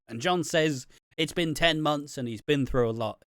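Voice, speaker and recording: A man's voice: a little high, moderate pace, a bit bright, no echo, clean studio sound. A man co-hosting a wrestling review podcast, chatting casually with sarcastic, sweary asides and frequent laughs. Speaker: podcast co-host.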